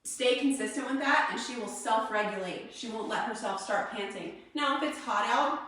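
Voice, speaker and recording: This instructional demo shows a woman dog trainer indoors, calmly explaining drills and then firing off short, crisp commands to a dog. Her voice is on the high side at a normal speed. She's far from the mic, and the room is very echoey.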